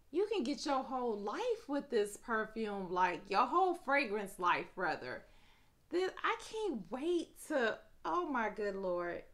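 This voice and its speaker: A woman vlogging a casual fragrance review late at night, gushing with drawn-out exclamations and chatting to viewers as y'all. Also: medium pitch, a bit bright.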